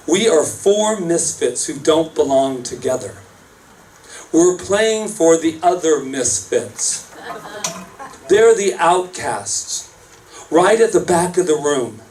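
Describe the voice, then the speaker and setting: A man's voice: on the high side, a little mellow. A man voicing an earnest rock singer, during a sermon. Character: proud British male rock singer, earnest. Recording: distant mic, faint room noise.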